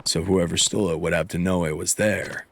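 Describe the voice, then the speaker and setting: A man voicing a calm, firm adult guardian in a game. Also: sits low, brisk, gravelly, slight background noise, voice pushed down. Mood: steady.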